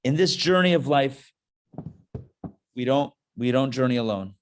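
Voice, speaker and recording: Casual, animated man teaching a class. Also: medium pitch, unhurried, a little hiss or hum. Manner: casual, self-interrupting, joking asides; storytelling with emphatic swells. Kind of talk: live Torah class talk.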